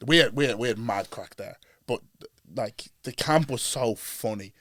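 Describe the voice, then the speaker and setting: A man's voice: mid-range voice, fairly bright tone, dry recording. Irish guy hosting a pod, chatty, dry close sound. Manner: chatty, quick storytelling with laughs. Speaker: podcast host, rugby player. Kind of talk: casual chat.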